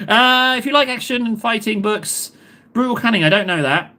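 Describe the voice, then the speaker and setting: A man's voice: extremely high pitch, sing-song, takes it slowly, bright, forceful tone. A man with a southern English accent hosting a livestream, chatting casually to viewers in a rambling, self-mocking, jokey way. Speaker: livestream host. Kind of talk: casual chat to live viewers.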